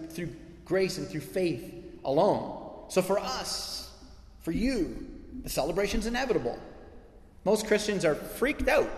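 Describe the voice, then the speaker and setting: A man's voice: high-pitched, roomy sound, in a large hall. A man preaching a sermon as pastor, emphatic and repetitive, building in intensity.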